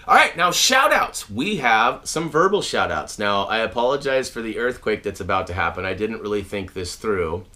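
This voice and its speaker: A man hosting his own channel from home, chatting casually to viewers with plenty of fillers and restarts. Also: on the low side. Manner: animated and chatty, many fillers and restarts, shouts out names. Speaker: channel host. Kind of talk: casual video update to viewers. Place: at home, indoors.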